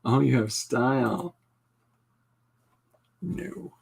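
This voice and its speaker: A man's voice: mid-range voice, expressive, extremely slow, gravelly, a little mellow, breathy edge. A man hosting a podcast, chatting casually while he draws, rambling with dry, self-deprecating humor. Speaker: podcast host and comic artist.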